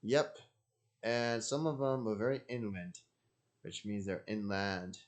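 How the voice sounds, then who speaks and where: A male channel host talks slowly and loosely, circling back to the same phrases. His tone is joking and digressive, and he often wanders off on side remarks. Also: fairly low pitch. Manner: repetitive, jokey, digressive. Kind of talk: casual rambling solo talk.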